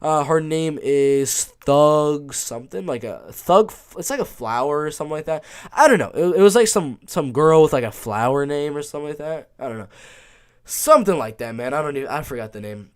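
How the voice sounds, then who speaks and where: Male MMA streamer, casual chat Q&A, somewhat high, lively voice, offhand. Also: brisk, clean tone. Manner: laid-back, offhand, often ends lines with "man".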